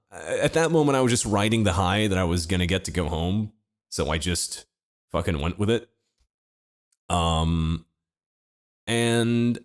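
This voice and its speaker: A young man co-hosting a podcast, telling a story in a deadpan, laid-back way with wry asides. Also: low-pitched. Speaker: podcast co-host. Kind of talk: casual comedic storytelling.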